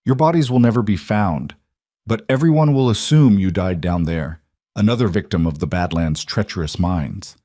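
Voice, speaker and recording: A coolly polite mine boss villain, calm and menacing as he lays out his plans, read by a man. The voice sits low and the sound is dry and close. He stays smooth and unhurried in a western storybook reading. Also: no room sound. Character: cold, calculating male villain mine boss.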